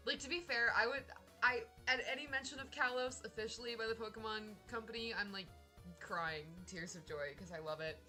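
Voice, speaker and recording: A young woman streaming, chatting casually in an excitable, rambling way with lots of laughter. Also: on the high side, brisk, soft background music. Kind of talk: casual live-stream chat.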